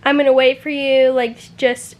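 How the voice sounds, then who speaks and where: A young woman quickly paraphrasing a grieving young male hero in her own voice. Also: sits high, little pitch movement, muffled recording, close to an everyday voice. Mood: tender.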